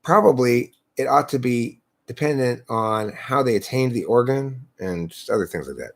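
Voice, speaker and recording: This man has a gravelly, medium-pitched voice, animated and at normal speed. Hosting a live stream into a laptop, he lectures through a casual philosophical debate and fires rhetorical questions at himself.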